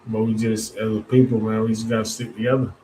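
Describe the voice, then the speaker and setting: A man's voice: on the low side, level tone, quick pace, mellow, a little hiss or hum, rough recording. Rambling man ranting casually. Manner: conversational, rambling with restarts, colloquial Southern-tinged speech. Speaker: podcast host. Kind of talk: casual political monologue.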